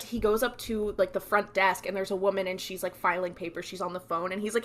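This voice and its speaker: A young adult woman co-hosting a podcast, recapping episodes in animated casual chat full of "like". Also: medium pitch, a little fast. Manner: animated storytelling, fills speech with "like". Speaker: podcast co-host.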